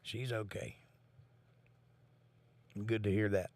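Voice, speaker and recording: A man's voice: on the low side, steady tone, takes it slowly, creaky, darkish tone. A man hosting a casual livestream, reading viewer comments aloud in a laid-back, folksy way and swearing now and then. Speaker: livestream host.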